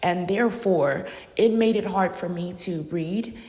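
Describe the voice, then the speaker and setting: A woman's voice: on the low side, unhurried, darkish tone. Emphatic woman in an echoey room. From Uganda. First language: not English. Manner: emphatic, repeats phrases for stress. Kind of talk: personal monologue. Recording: echoey room with long reverb.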